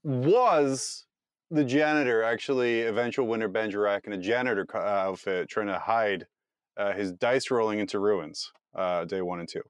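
A man's voice: on the low side, normal speed, clean tone, no room sound, clean studio sound. A man hosting a casual podcast chat, asking playful, teasing questions. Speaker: show host.

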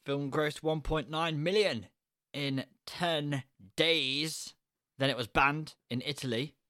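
A man's voice: a little high, steady tone, slow pace, bright, forceful tone, dry recording, clean studio sound. A man co-hosting a casual podcast chat, laughing often as he reads facts from his notes. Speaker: podcast co-host.

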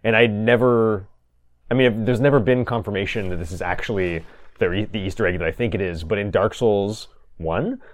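A man's voice: fairly low pitch, normal speed. A man co-hosting a casual gaming podcast, rambling with lots of fillers and frequent laughs. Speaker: podcast co-host.

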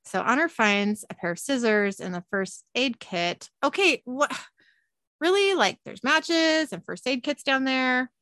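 Animated woman recapping, bright voice. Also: sits high, unhurried, no echo. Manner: animated, laughs often. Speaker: podcast host recapping an episode. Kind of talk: casual recap narration.

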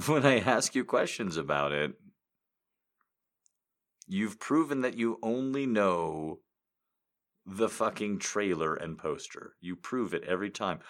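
Rambling, lively-voiced joking man. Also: on the low side, slow, long pauses. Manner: joking, profane, laughs often. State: high. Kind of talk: rambling casual chat with impressions.

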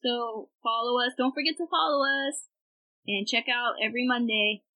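A woman's voice: a little high, bright, forceful tone, low-quality recording. Chatty young woman podcast host. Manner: chatty, rambling, quick to laugh. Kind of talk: casual podcast chat.

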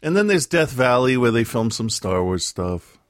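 A man's voice: medium pitch, very animated, normal speed, no room sound. A man in a casual call, asking questions and joking with dry teasing. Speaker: friend on the call. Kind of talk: casual chat.

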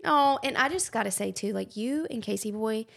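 A woman's voice: on the high side, lively intonation, moderate pace, creaky, fairly bright tone. A young woman hosting a podcast, effusive and gushing in casual conversation. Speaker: podcast host.

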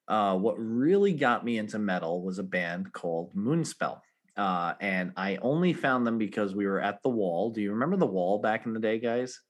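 Male podcast co-host, 40s, lowish voice, animated storyteller who laughs easily. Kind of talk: casual chat.

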